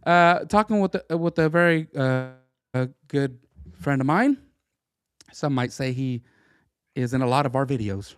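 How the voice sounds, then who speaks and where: A middle-aged man co-hosting a casual political podcast, talking in an animated, stammering, jokey way. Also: medium pitch, normal speed, smooth, no echo, clean studio sound. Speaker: podcast co-host.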